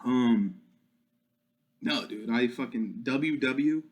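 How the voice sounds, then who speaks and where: Young guy doing a solo podcast, crude and joking, cursing constantly, mid-pitched voice. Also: drawn-out words, slight background noise. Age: young adult. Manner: crude, profane, joking rant. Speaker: podcast host.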